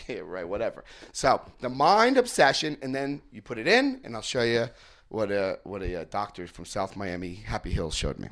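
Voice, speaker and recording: A man's voice: mid-range voice, very animated, a little fast, a bit bright. A middle-aged man speaking to a recovery group, telling stories with quoted voices and asking the room questions. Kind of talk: informal group talk.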